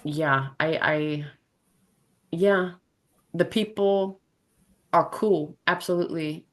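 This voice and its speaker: Laid-back woman with a lowish voice. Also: takes it slowly. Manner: relaxed, short replies and questions. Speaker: podcast co-host. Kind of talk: casual chat.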